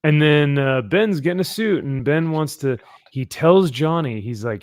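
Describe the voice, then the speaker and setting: A man's voice: a little high, animated, a little slow, no room sound. Male podcast host, loose rambling comic talk, dry sound. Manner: rambling, filler-heavy, laughing. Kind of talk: casual comic review chat. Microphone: headphones and desk mic.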